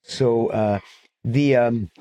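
A man's voice: mid-range voice, fairly even intonation, very slow, mellow. A man giving a live talk with slides at a fixed microphone, speaking conversationally with frequent fillers, restarts and digressions.

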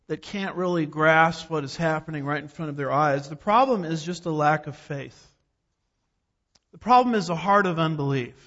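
Man, preaching in an emphatic, folksy way; high voice, long reverb in a big hall, dull sound. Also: moderate pace, fairly bright tone. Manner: emphatic, rhetorical questions, folksy asides. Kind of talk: sermon.

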